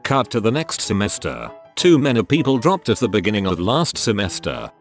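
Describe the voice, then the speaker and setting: A man reading out online posts as a scripted narration, steady and dry. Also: fairly low pitch, moderate pace, hardly any pauses, faint music behind.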